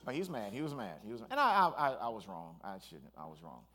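A man, a pastor, preaching a sermon in an animated storytelling way, with asides and restarts. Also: lowish voice, fast, hardly any pauses.

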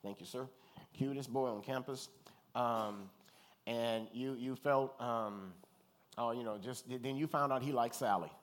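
A man from Louisiana preaches a relaxed, conversational sermon at a middle pitch. He tells stories with humor and keeps checking in with his listeners. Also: measured pace. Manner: animated storyteller, joking asides, calls for congregation response. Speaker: pastor.

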